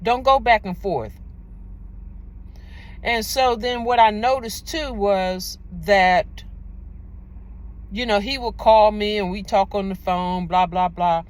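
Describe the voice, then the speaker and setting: A woman's voice: medium pitch, slow pace, long pauses. A woman talking casually to her own camera, giving relationship advice with rambling, repetitive, emphatic storytelling.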